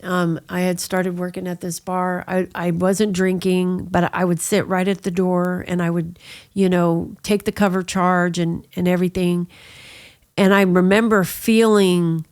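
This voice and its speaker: Woman, middle-aged, interview guest; flat delivery, casual storytelling full of asides. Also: lowish voice, a little slow, clean tone. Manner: storytelling, with frequent "you know" asides. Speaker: guest sharing her testimony. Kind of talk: conversational personal testimony.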